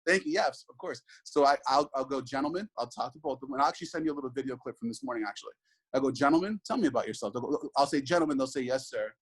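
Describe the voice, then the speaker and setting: A man's voice: medium pitch, steady tone, racing, slightly rough, poor audio. A man in his thirties, a father, talking earnestly in an interview, reflective and full of restarts and asides. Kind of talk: conversational interview.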